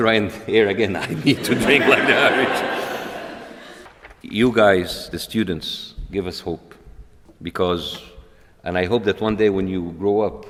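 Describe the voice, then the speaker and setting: Low-voiced man joking in a hall. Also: a bit bright. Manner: wry, dry, self-mocking. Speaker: comedian giving a speech. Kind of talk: speech with wry jokes. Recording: long hall reverb.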